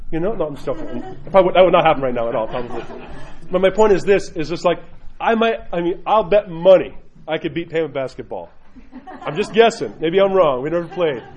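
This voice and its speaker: Husky priest, blunt and joking. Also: male voice, on the high side, animated, fast talker, a little mellow. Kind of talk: informal sermon talk.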